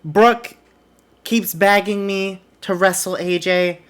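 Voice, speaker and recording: A woman's voice: medium pitch, steady tone, takes it slowly, close to an everyday voice. Woman playing a stern wrestling manager man. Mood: firm. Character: stern male wrestling manager, bossy and official.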